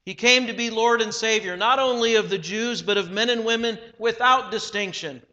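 A man preaching a sermon in a measured, emphatic way, slowing down on key phrases. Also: high-pitched, bright, forceful tone, muffled recording. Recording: long hall reverb.

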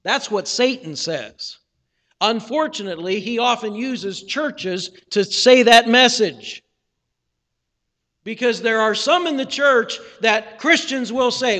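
A man's voice: extremely high pitch, takes it slowly, sharp tone. A male pastor preaching a sermon in an earnest, conversational storytelling manner, acting out the people he quotes. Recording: reverberant church sanctuary.

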